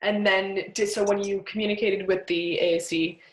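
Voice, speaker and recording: A woman's voice: mid-range voice, steady tone, normal speed. A woman with a mid-range voice hosts a casual interview. She asks short follow-up questions in a conversational tone, and her voice carries a roomy echo. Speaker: host.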